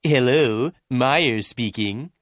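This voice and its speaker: A man's voice: mid-range voice, fairly bright tone, no echo, clean studio sound, voice pushed up. A man doing polite office voices on the phone. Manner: polite, measured phone answers. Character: polite office receptionist and her boss.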